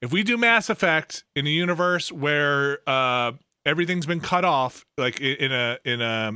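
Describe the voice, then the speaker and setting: A man's voice: fairly high pitch, expressive, moderate pace, sharp tone, clean tone, no echo, clean studio sound. A man co-hosting a casual podcast chat, riffing animatedly and laughing often. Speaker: podcast co-host.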